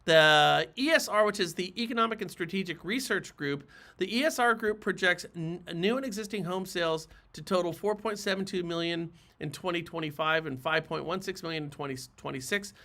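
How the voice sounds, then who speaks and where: A man's voice: high-pitched, a little fast, bright, forceful tone. A man hosting a real estate talk show, speaking emphatically and persuasively, repeating points for stress. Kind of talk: opinionated talk to camera.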